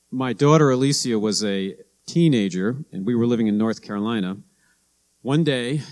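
A middle-aged pastor preaches in a relaxed, conversational way, his medium-pitched voice slightly mellow. He shares anecdotes and acts out quotes, taking on the voices of the people he mentions.

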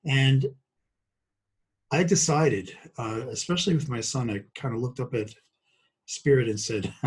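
A man in his sixties, originally from Brooklyn, speaks as a podcast guest in a husky, slightly breathy voice. His delivery is halting, with many fillers and false starts, and he keeps slipping in jokes. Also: mid-range voice, rough recording. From Brooklyn, New York. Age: 60s. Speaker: guest doctor. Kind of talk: podcast interview.

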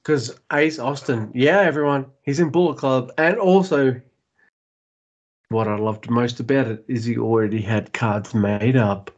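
Tipsy, excitable male podcast co-host. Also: mid-range voice, a little slow, lo-fi sound. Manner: excitable, swears freely, laughs often. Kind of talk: casual wrestling podcast chat.

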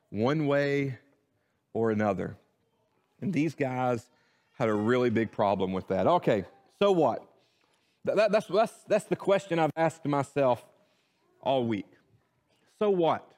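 A man preaching a sermon, animated, repeating words as he restarts his thoughts. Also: mid-range voice. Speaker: pastor.

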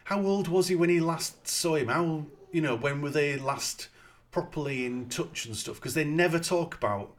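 A man's voice: a little high, normal speed, a little hiss or hum. A man from Britain co-hosting a casual film chat, wry and skeptical, with lots of "like" and "you know". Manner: wry, skeptical, filler-heavy.

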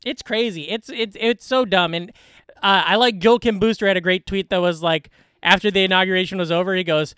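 A man co-hosting a loose comedy podcast, joking quickly and laughing often. His voice sits high and comes across crisp and clear. The recording is dry and close, with no room sound. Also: a bit bright, no room sound. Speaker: podcast co-host. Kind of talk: casual comedy podcast chat.

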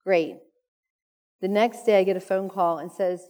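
A middle-aged woman gives a personal testimony talk in a conference hall, telling her story in an earnest, emotional way. Her medium-pitched voice is warm and a little slow, with frequent pauses, and the hall's echoey reverb is audible.

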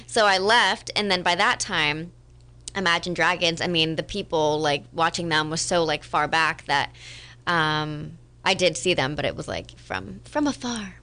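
A young woman co-hosting a casual chat, bubbly and quick to laugh, with lots of "like" in her talk. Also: lowish voice, sharp tone. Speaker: co-host.

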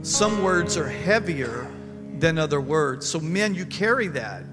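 Folksy pastor preaching in a hall. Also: male voice, fairly high pitch, sing-song, unhurried, over music. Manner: emphatic, folksy, repeats himself. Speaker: pastor leading a panel. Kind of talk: church panel talk, preaching. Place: church service.

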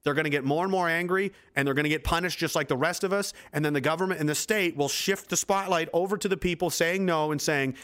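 A man's voice: on the high side, fast talker, few pauses, fairly bright tone, clear, resonant tone. A man in his twenties hosting a livestream, delivering an angry, profane, sarcastic political rant. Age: 20s. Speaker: livestream host.

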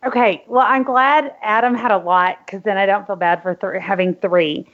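A woman's voice: medium pitch, normal speed, highs cut off. A woman co-hosting a podcast, chatting casually and getting sentimental, with frequent ums. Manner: sentimental, rambling with many ums. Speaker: podcast co-host. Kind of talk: casual chat.

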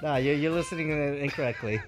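A man's voice: a little high, brisk, faint music behind. A man co-hosting a hobby podcast in loose, joking chat, swearing freely and laughing often. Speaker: podcast co-host.

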